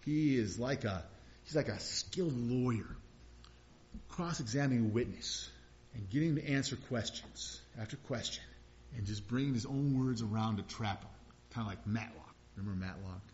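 A man's voice: mid-range voice, normal speed, a little mellow, slight background noise. A man preaching a sermon in a conversational way, chuckling now and then and rising into emphatic bursts. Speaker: pastor. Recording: dull lo-fi sound.

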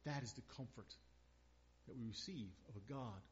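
A man's voice: mid-range voice, moderate pace, slight background noise. A middle-aged man preaching a sermon as a pastor, earnest and building to emphatic repeated phrases. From northern Minnesota. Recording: dull lo-fi sound.

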